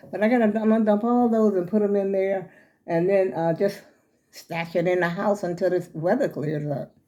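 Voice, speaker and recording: A woman's voice: medium pitch, warm tone. An older woman vlogging casually from her home, chatty and folksy, a little out of breath as she calls her viewers y'all.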